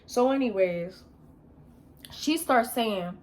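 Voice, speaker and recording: A woman's voice: fairly high pitch, animated, slow, darkish tone. A young woman vlogging, telling a story in a blunt, emphatic rant full of slang.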